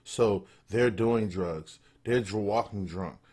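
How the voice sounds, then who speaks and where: A man delivering a casual commentary rant in a low, husky voice. He is blunt and profane. He drives home each point by repeating it. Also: takes it slowly, darkish tone. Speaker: political commentator.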